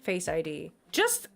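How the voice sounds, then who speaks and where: Flustered woman streamer, very lively pitch. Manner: flustered, exasperated, apologetic. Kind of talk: casual livestream chat.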